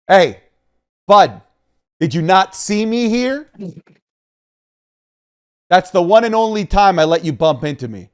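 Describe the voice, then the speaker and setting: A man's voice: sits high, sing-song, slow, long pauses, clean tone, voice pushed up, heavily acted. A man voicing a tough male wrestler who gives a stern warning, in a stilted way like a video game character. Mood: menacing.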